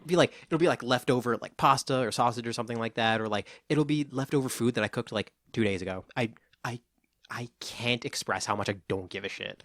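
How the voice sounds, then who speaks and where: A man's voice: mid-range voice, brisk, a bit bright, dry recording. Laid-back young man, dry mic. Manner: laid-back, swears often, frequent restarts. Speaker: podcast co-host. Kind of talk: casual chat.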